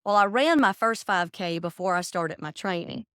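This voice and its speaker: A woman's voice: fairly low pitch, moderate pace, a bit bright, smooth, no echo, studio quality. A woman in her forties, a podcast guest, telling her story in casual chat and acting out what friends said. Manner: chatty, acts out quoted friends.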